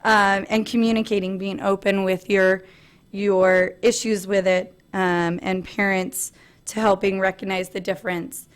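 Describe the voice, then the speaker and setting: A woman in her thirties giving an earnest personal presentation at a family meeting, pausing often on "um". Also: medium pitch, level tone. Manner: earnest, frequent "um" fillers, light laughs.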